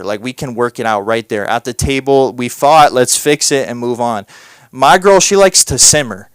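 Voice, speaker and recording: A man's voice: medium pitch, clean tone, no echo. A man performing a rambling, self-deprecating stand-up set on a comedy club stage, with lots of fillers.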